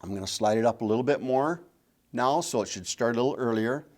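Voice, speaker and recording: A man's voice: medium pitch, fast, a little mellow. A middle-aged man teaching calling technique, patient and repeating key points. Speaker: game call instructor. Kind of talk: instructional demonstration.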